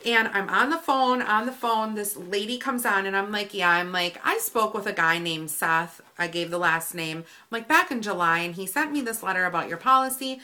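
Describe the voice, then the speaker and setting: Bright-voiced woman ranting on a vlog. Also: mid-range voice, normal speed, few pauses. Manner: animated, exasperated retelling with quoted dialogue. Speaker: vlogger. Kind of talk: casual storytime rant.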